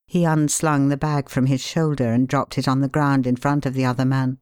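A woman narrating a story in a calm, measured way. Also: extremely low pitch, clear, resonant tone, no echo, clean studio sound.

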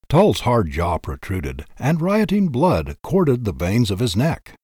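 A man reading an audiobook in a dramatic, expressive narration style. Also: mid-range voice, slow, hardly any pauses, slightly rough, no echo, studio quality.

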